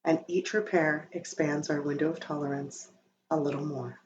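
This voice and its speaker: A woman hosting a podcast, reading a calm scripted narration in a gentle, soothing way. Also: deep voice. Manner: gentle, soothing, slow-paced delivery. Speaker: podcast host. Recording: slightly dull sound with faint noise.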